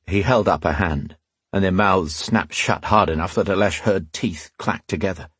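A man reads a fantasy novel aloud in a measured, dramatic way. His voice sits low with a husky grain. The recording is close and dry, with no room sound. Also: fairly bright tone, no room sound. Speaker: audiobook narrator. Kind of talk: scripted fantasy narration.

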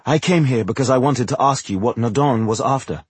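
A man voicing a proud, scornful sorceress woman in an audiobook, speaking bluntly with a husky voice. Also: mid-range voice, brisk, dry recording, lightly acted.

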